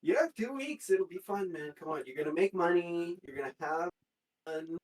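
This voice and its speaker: A man's voice: fairly high pitch, lively intonation, normal speed, natural voice, low-quality recording. A man voicing an evasive, scheming male patron in a tabletop role-play, hedging with fillers.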